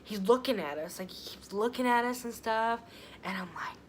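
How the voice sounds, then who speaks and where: A woman's voice: fairly high pitch, expressive, moderate pace, a little hiss or hum. A young woman telling a storytime vlog in a chatty, casual way, full of fillers and swearing. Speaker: vlogger.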